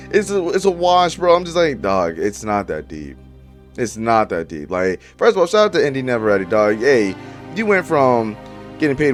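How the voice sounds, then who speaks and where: Young dude ranting casually, cussing and slangy, average pitch, faint music behind him. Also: male voice. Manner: slangy, profane, talks straight to viewers. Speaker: YouTuber reviewing movie casting. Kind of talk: casual opinion commentary.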